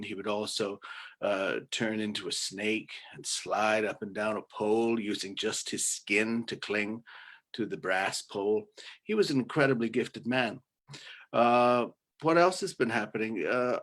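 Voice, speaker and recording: A man's voice: on the low side, fairly bright tone. Man doing dry absurd comedy bits. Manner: dry, halting delivery with many uhs. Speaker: comedian guest. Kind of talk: deadpan absurd monologue. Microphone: video call.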